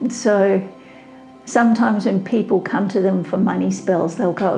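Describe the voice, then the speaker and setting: A woman's voice: medium pitch, fairly even intonation, a little slow, vocal fry, dark tone, faint music behind, low-quality recording. An older woman teaching witchcraft in a blunt, outspoken way. She keeps checking in with her listeners by asking "right?". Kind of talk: spoken lesson to camera.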